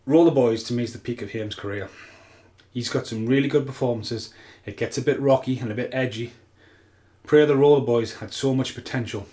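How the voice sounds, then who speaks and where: A man's voice: mid-range voice, brisk, mellow. A man hosting his channel, chatting casually in a rambling, self-mocking way. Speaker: channel host. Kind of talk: casual chat.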